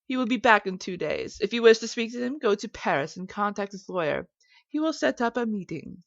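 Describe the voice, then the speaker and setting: A woman's voice: mid-range voice, lively intonation, brisk, creaky, no echo, highs cut off. Woman playing Atia, a haughty rich woman. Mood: cool, dismissive. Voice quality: curt, dismissive. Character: cold, haughty rich hotel-owner woman.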